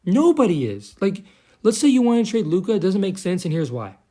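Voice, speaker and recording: A man's voice: sits high, sing-song, brisk, mellow. A young man giving a heated, profane, sarcastic commentary rant as a vlogger. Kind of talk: ranting commentary.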